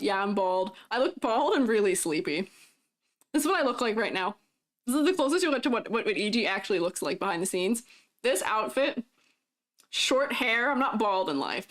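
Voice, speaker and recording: A woman's voice: mid-range voice, fairly bright tone. A woman livestreaming as a 3D artist, chatting casually and giggling often while reading messages from her viewers. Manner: giggly, chatty, reads chat aloud; talks while eating. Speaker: streamer and 3D artist.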